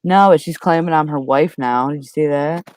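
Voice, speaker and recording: A woman's voice: low-pitched, moderate pace, a little mellow. A woman co-hosting a live stream, answering bluntly in slangy casual chat. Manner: laughs easily, blunt slangy replies. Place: live online stream panel.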